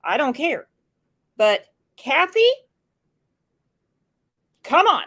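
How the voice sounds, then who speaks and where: Slow-talking high-voiced woman commentator. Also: very animated, sharp tone. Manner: sarcastic, mocking asides. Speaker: true crime commentary host. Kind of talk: casual commentary on clips.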